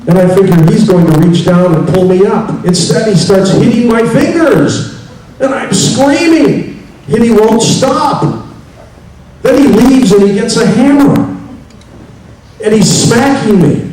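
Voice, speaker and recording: A man doing a frantic, high-pitched joke victim. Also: a little slow, a crowd in the background. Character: panicked man dangling from a ledge. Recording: echoey hall from far off, faint hiss.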